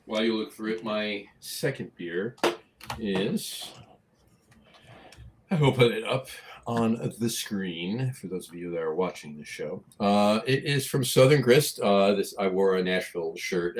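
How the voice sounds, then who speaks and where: A man with a low voice co-hosts a casual podcast. He talks haltingly, filling pauses with "uh" as he hunts for the next word. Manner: halting, many "uh" fillers, searching for words. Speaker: podcast co-host. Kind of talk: casual chat.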